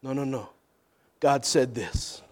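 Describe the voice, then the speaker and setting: A male pastor preaching a sermon, calling out to the congregation and swinging from hushed, low asides to loud, shouted passages. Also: slow.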